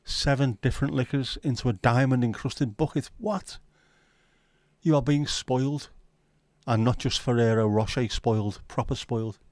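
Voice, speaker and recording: A man's voice: medium pitch, steady tone, normal speed, darkish tone, no room sound. A middle-aged man, hosting a casual home livestream, chatting and reading out viewer comments with a sweary, easygoing manner. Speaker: livestream host. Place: at home, window nearby.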